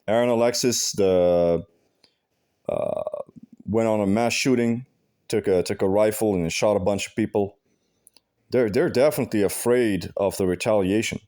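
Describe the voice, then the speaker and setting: Low mellow man rambling. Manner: halting, with many fillers and restarts; heavy profanity, blunt and aggrieved. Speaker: vlogger. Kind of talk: casual rambling monologue.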